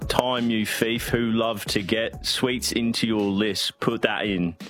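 A man reciting a poem in a put-on Cockney accent, slow and committed. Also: on the low side, fairly even intonation, fairly bright tone, soft background music. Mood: earnest.

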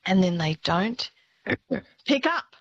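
A woman's voice: mid-range voice, sing-song, no echo. Exasperated woman caller on a phone line. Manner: exasperated rant with halting restarts. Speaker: caller, a doctor. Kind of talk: talkback caller.

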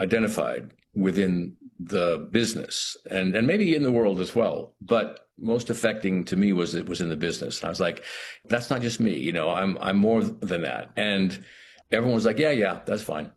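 A middle-aged man with a very low voice, talking slowly and reflectively as an interview guest. He stops and restarts his phrases often, leaning on "you know" while he searches for the word. A faint background hum sits behind him. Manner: thoughtful, halting, many restarts and "you know".

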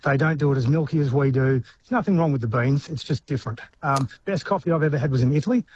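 A man's voice: medium pitch, fast talker, darkish tone, lo-fi sound, a little hiss or hum. An Australian man calling in to a radio show, talking hesitantly with frequent restarts. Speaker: caller. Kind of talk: casual phone chat.

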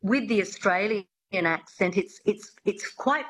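A woman's voice: medium pitch, lively intonation, unhurried, breathy edge, rough recording. A woman accent coach explaining her work in a radio interview, chatty and full of fillers.

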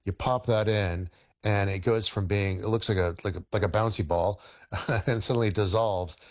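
A middle-aged man, a historian and chef, explaining cooking on radio in a halting way, with many fillers and restarts. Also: fairly low pitch, fairly even intonation, darkish tone.

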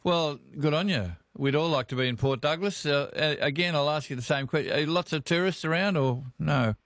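Laid-back Aussie radio host, dry studio sound. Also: male voice, on the high side, a little fast, dry recording. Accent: Australian. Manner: relaxed, laughs along, folksy. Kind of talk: talkback radio chat.

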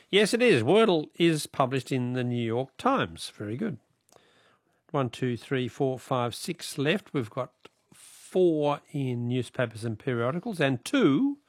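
A man's voice: mid-range voice, big pitch swings, slow pace, dry recording, clean studio sound. A man with an Australian accent hosting a radio call-in quiz, chatting with callers and reading out the questions. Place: radio studio.

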